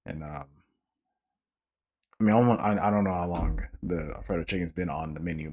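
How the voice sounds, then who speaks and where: A young man hosts his own podcast, his voice low-pitched and a touch husky. He rants in an animated, joking way, swearing freely and stumbling through restarts. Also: brisk, pauses often. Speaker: podcast host. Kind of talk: casual solo podcast rant.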